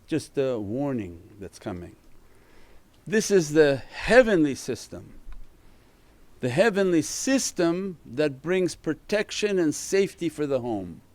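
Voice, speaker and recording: A man, a spiritual teacher giving an earnest religious talk and varying his loudness for emphasis. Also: a little high, sing-song, takes it slowly, dry recording.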